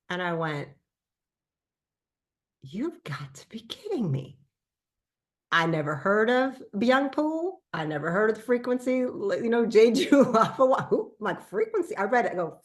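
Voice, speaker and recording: A woman doctor telling a casual testimonial, animated and acting out her own past remarks. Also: deep voice. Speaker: doctor and consultant.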